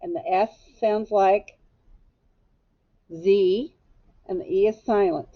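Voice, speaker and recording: A woman teacher leading a spelling lesson for young children, sounding out each letter slowly and deliberately. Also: mid-range voice, no room sound, muffled recording.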